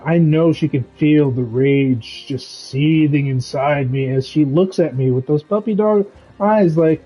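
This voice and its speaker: A man streaming a game, chatting casually in a rambling, animated ranting way. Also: on the high side, unhurried, breathy edge, dull audio, soft background music. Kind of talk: casual chat while gaming.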